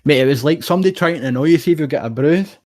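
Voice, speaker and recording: A young man with a Scottish accent tells a story at a rapid clip. He rambles and swears freely in relaxed podcast chat. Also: fairly high pitch. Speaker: podcast co-host. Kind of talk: casual chat.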